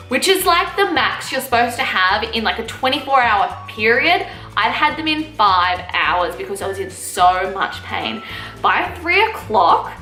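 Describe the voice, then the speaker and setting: Bright high-voiced chatty young woman. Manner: chatty, many fillers, laughs at herself. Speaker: vlogger. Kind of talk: casual storytelling vlog. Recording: echoey room with faint music.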